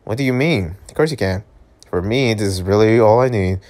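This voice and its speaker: A man voicing a calm, matter-of-fact young husband in a webtoon. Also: fairly low pitch, brisk, pitched below the performer's own voice, lightly acted. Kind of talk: reading a webtoon aloud.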